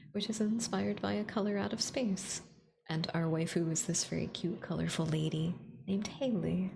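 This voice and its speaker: A young woman streamer chatting casually with her viewers, often dropping into a soft breathy whisper close to the mic. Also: on the low side. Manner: chatty, bubbly, thanks chat, excitable gasps.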